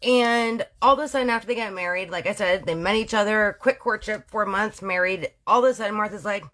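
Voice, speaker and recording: A woman from Canada spinning a true-crime tale in casual storytelling mode. She is slangy and playful, catching and correcting her own slips as she goes, with a voice of middling pitch. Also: brisk, a bit bright. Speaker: storyteller host.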